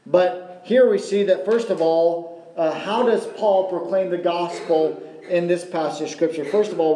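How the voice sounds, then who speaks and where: A man's voice: high-pitched, steady tone, measured pace, mellow. A male pastor preaching a sermon, asking the congregation rhetorical questions and repeating key phrases. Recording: roomy echo.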